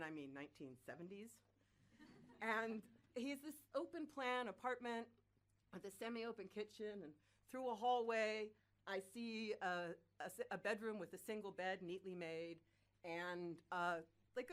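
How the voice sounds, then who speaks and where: A young woman telling a personal story in a lively, self-mocking way, with casual swearing. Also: medium pitch.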